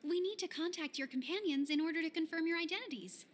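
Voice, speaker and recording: A woman's voice: very high-pitched, fast. A woman voicing a polite, apologetic hotel receptionist in a game dub. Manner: courteous, apologetic.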